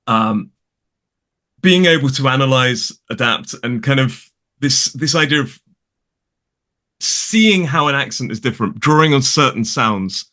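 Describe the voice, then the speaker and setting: A man's voice: medium pitch, lively intonation, unhurried, pauses often, sharp tone. A middle-aged British man, an English teacher, talking in a chatty, rambling way full of restarts. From United Kingdom. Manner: chatty, digressive, with many restarts and fillers. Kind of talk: casual conversation.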